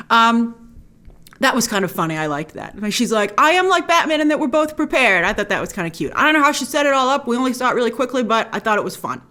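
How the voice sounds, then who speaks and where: Woman movie reviewer, kinda high voice, super animated and gushy, keeps acting out little quotes. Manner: gushing and animated, jumps into quick quoted asides. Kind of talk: casual spoken film review.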